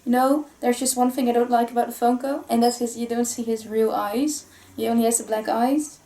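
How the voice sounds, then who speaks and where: A woman's voice: on the high side, steady tone, a little fast, mellow. A woman hosting a vlog, chatting casually and giggling often while unboxing collectible toys. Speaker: vlog host.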